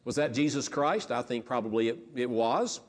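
A man's voice: medium pitch, normal speed, in a large hall. A pastor preaching a sermon in a conversational way, often restarting his phrases.

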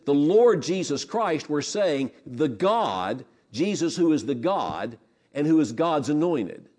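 Lively man teaching a Bible lesson. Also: fairly high pitch. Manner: earnest, repeats words, asks the class questions.

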